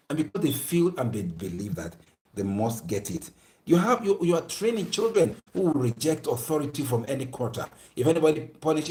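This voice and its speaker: A man's voice: mid-range voice, a little mellow. Preachy man lecturing viewers. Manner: emphatic and preachy, with many repeated phrases. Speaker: speaker addressing viewers. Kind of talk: moralizing lecture.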